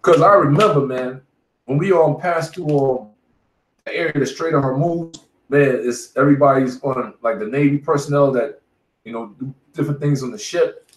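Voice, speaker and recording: A man's voice: mid-range voice, normal speed. Emphatic profane man in an echoey room. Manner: emphatic, profane, says "man" after almost every phrase. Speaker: street bible teacher leading the study. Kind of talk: casual preaching and war stories.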